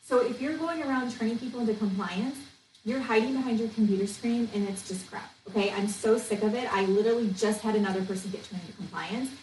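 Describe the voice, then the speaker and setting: Talking fast in a fairly high, darkish voice, this network marketing coach and podcast host delivers a blunt, passionate solo episode of venting and coaching, peppered with "okay?" The mic is distant, the room echoes, and there's faint noise.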